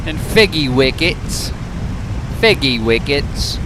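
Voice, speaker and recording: A man's voice: on the high side, expressive, extremely slow, background noise, pitched above the performer's own voice, heavily acted. An American man voicing a cheery stereotyped Englishman with an exaggerated put-on British accent. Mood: jolly.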